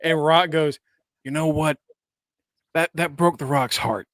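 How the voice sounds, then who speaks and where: A man's voice: fairly high pitch, a little slow, a bit bright, dry recording, clean studio sound. A man hosting a casual podcast, bantering and laughing with co-hosts. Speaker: podcast host.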